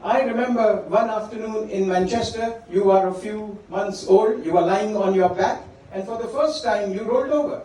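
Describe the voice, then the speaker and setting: A man's voice: high voice, slight background noise. A middle-aged man giving a father-of-the-bride speech, telling stories about his daughter and stopping often to say her name. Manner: warm storytelling, pausing to address his daughter by name. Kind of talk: wedding speech. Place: large function hall. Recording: echoey hall from far off, crowd faint. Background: guests laughing.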